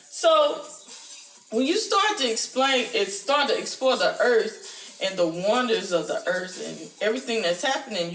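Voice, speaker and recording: A woman vlogger telling a spiritual dream story to camera in a casual, animated way, with casual slang. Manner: animated, acts out her panic in a high squeaky voice; casual slang, says "y'all". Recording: roomy echo with faint music behind.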